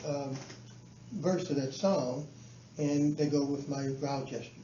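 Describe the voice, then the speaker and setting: A man explaining his teaching plans to a colleague in a halting, casual way, full of fillers and restarts. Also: steady tone, dark tone. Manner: halting, many restarts and fillers, breaks into chanted syllables and sung verses. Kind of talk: casual explanatory talk on lesson planning. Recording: dull low-fi with faint background noise.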